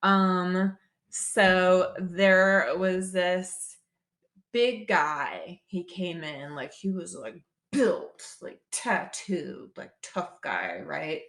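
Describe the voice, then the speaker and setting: A woman's voice: lowish voice, extremely slow, fairly bright tone. A young woman, a massage therapist co-hosting a podcast, telling stories casually, swearing and acting out quotes. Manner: storytelling, swears, acts out quotes. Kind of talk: casual chat. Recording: roomy echo.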